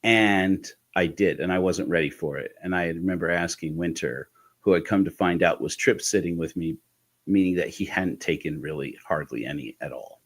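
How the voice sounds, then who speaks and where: A man telling a reflective personal story in a candid, halting way, with restarts and soft laughs. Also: low-pitched. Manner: candid, intimate. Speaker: host of a personal podcast talk.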